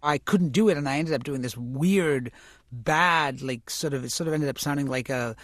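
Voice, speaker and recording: A man being interviewed about his acting career, talking reflectively and correcting himself as he goes, turning lively when he tells stories. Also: medium pitch, moderate pace, dry recording, studio quality. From United States, immigrant family. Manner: thoughtful, self-correcting, animated when recounting stories. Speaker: interview guest, actor and author.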